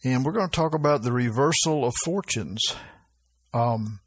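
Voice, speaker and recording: A man's voice: medium pitch, normal speed, slightly rough, no echo. A man preaching an informal sermon, reading scripture aloud with lifted emphasis and often asking his listeners "right?".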